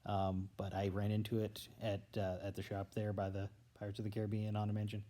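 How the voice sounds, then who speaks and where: A man rambles on his own into a tablet held at arm's length, filling pauses with ums and uhs. He stammers and restarts often and wanders between thoughts without a clear point. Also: lowish voice, monotone, warm tone. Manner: hesitant, stammering, trails off with fillers. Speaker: vlogger. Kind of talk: rambling casual monologue to camera. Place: alone at home, indoors.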